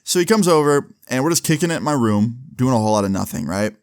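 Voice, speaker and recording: A man's voice: medium pitch, animated, fast talker, clean tone, no room sound, studio quality. A man telling a casual storytime in a laid-back way, swearing often and filling his speech with 'like'. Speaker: storyteller vlogger.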